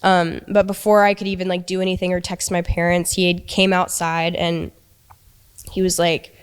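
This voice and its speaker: Young woman retelling a scary fight, stops and restarts a lot, smooth clear voice. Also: fairly low pitch, flat delivery. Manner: halting, many restarts and quoted dialogue. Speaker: interviewee recounting abuse. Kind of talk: emotional storytelling.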